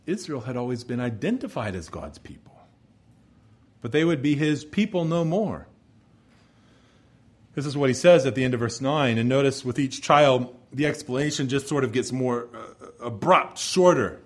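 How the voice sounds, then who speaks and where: A man preaching a sermon in an earnest way, building to emphatic peaks and then dropping low and quiet. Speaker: pastor.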